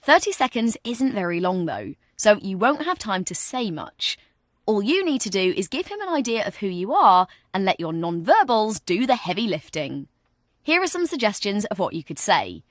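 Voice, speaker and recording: A woman's voice: mid-range voice, very animated, normal speed, dry recording, clean studio sound. A woman guiding the listener through a communication training exercise in scripted, encouraging narration, coaching them step by step. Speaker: virtual training guide.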